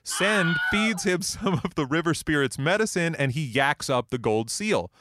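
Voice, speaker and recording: A man's voice: a little high, expressive, moderate pace, background noise. A man co-hosting a podcast, methodically summarizing a film's plot in a casual way. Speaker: podcast co-host. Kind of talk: casual film-plot recap.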